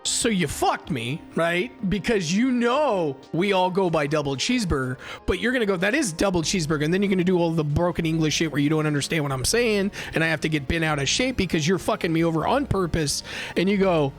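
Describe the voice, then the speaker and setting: A young man streaming live, telling an animated, profane story and reading chat. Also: fairly high pitch, brisk, faint music behind. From United States. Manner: animated and profane, acts out heated exchanges.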